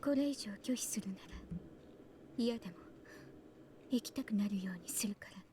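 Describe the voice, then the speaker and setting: A woman voicing a cold, terse young woman with a gun in a game, in a whispered role-play, talking in a flat, emotionless hush. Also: mid-range voice, quick pace, slight background noise, natural voice. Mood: cold threatening.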